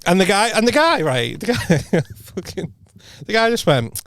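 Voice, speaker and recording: Man, young adult, smooth clear voice, dry close sound, lively storytelling with acted quotes. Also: high voice, unhurried, no echo. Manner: storytelling, acts out quotes, laughs often. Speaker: podcast co-host. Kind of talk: casual chat.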